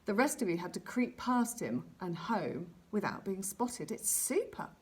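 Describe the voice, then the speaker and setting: A woman's voice: medium pitch, expressive, unhurried, husky. Woman doing a cheery know-it-all scout boy, teasy, bouncy voice, storybook. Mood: cheerful. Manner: bright, bossy, teasing.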